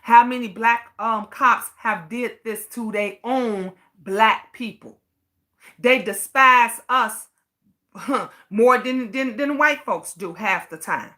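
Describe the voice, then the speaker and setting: A woman's voice: a little high, slow pace, pushed and bright. A woman ranting to camera, outraged and profane, firing off repeated rhetorical questions. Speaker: vlogger. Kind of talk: impassioned rant to camera.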